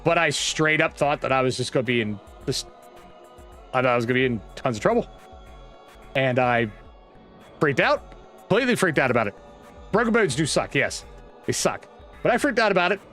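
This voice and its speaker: A man's voice: mid-range voice, lively intonation, brisk, pauses often, fairly bright tone, faint music behind. A man from Virginia, casually telling a rambling childhood story with restarts and asides. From West Virginia, USA. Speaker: vlogger. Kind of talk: casual storytelling while browsing a map.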